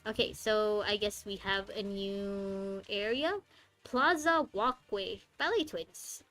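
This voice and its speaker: A young woman with a medium-pitched, slightly bright voice takes her time while streaming a game. Her commentary is chatty and joking, rambling and often cut off mid-sentence, with faint game music behind her.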